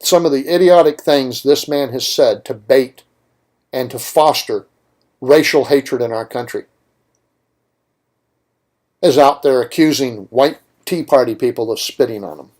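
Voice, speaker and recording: A man's voice: medium pitch, a little slow, long pauses, darkish tone. A man hosting a political talk radio show, delivering an opinionated monologue with emphatic points and rhetorical questions.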